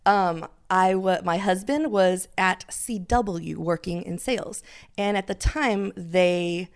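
A middle-aged woman chatting as a podcast guest, telling her story lively and acting out what people said. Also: fairly low pitch, slow, smooth. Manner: animated storyteller, acts out quotes. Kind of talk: casual interview chat.

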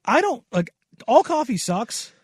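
A man's voice: extremely high pitch, very animated, a little slow, slightly rough, no echo, clean studio sound. A man co-hosting a podcast in casual chat, blunt and contrarian in his opinions. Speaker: podcast co-host.

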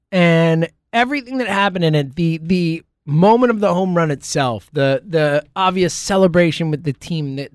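A man hosting a sports talk show in a casual solo monologue, rambling and excitable, full of fillers and restarts. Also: high-pitched, no room sound, studio quality. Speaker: sports podcast host.

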